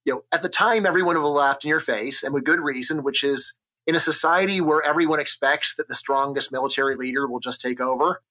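A man from the United States, an economist, explaining ideas in an energetic, argumentative interview style, often checking in with "right?". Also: a little high, fast, few pauses. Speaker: economist guest. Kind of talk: conversational interview.

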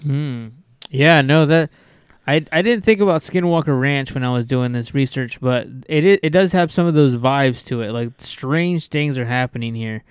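A man's voice: medium pitch, moderate pace, clear, resonant tone, dry recording. A man co-hosting a podcast in casual chat, rambling and swearing with lots of restarts. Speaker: podcast co-host.

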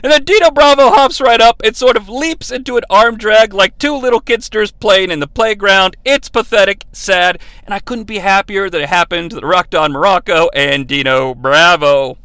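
A man hosting a podcast, giving a sarcastic, profane comedy recap with lots of excitement. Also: sits high, normal speed, few pauses, dry recording. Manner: excitable, sarcastic, swears freely. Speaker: podcast host. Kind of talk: profane comedic recap of an old wrestling event.

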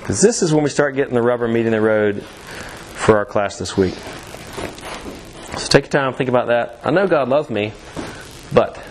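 A man's voice: mid-range voice, normal speed, long pauses, slight background noise. A man teaching a church youth class in a casual way, with lots of fillers, restarts and easy laughs. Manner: chatty, many fillers and restarts, laughs easily.

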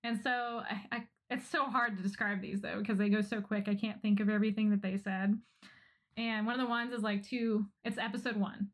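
A woman co-hosting a podcast in casual chat, retelling favorite jokes, laughing often and acting out quoted lines in quick bursts. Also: medium pitch, steady tone. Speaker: podcast co-host.

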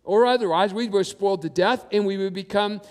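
Male pastor, high voice, preaches with emphatic repetition, long hall reverb. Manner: emphatic preaching with repetition and slow stressed quotes. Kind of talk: sermon.

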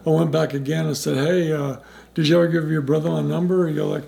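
A middle-aged man recounting his recovery story in a loose, rambling way, stopping and restarting and acting out conversations. His voice is gravelly and mellow. He speaks in an even, flat line. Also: on the high side, fairly quick. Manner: rambling, with many restarts and quoted dialogue. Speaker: interviewee in recovery.

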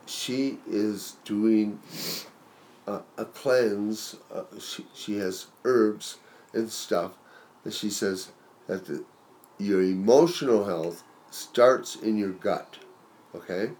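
Slow, halting man in casual chat. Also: fairly low pitch, a little mellow. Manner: halting, hesitant. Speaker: podcast co-host.

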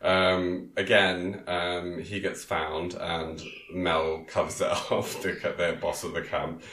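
A man's voice: low voice, flat delivery, slow, fairly bright tone, roomy sound. A man recapping a film in casual chat, rambling with many ums and frequent laughs. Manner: rambling, many ums, laughs often, quotes characters in silly voices. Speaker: podcast co-host recapping a film.

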